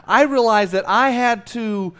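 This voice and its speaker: A man in his forties from South Texas, preaching a sermon in an animated, conversational way with self-mocking humor. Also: extremely high pitch, unhurried, smooth. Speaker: pastor.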